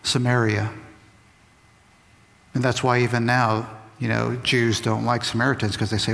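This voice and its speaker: A man giving a lively, conversational Bible lesson to kids. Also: medium pitch, normal speed, vocal fry, long pauses. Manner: lively, conversational, acts out quotes. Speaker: Bible teacher. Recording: long reverb of a large hall.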